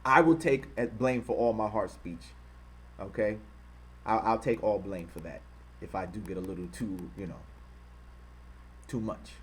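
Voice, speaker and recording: His voice is lowish and husky, a bit slow, with long pauses. As host of his channel, the man reads quotes in heated commentary, angrily insulting his target and repeating points for emphasis, all while saying he's working to control his harsh speech.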